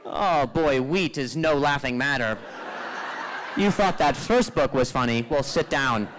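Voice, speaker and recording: A man doing stand-up crowd work on a club stage into a handheld mic, with a stutter, quick self-deprecating quips and low muttered asides. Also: animated, a bit bright, slight background noise. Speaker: stand-up comedian.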